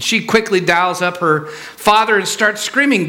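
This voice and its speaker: A man delivers a sermon in a church sanctuary, chatty and story-driven with frequent restarts. His voice is bright and sits a little high for a man. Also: measured pace, hardly any pauses. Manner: conversational storytelling with fillers and restarts. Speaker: pastor.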